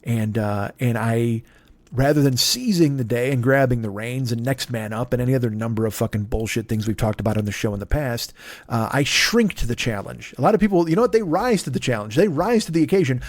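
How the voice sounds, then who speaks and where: A man's voice: medium pitch, brisk, dry recording. A man in his fifties hosting a comedy podcast, rambling in a profane, self-deprecating monologue. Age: 50s. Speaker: podcast host.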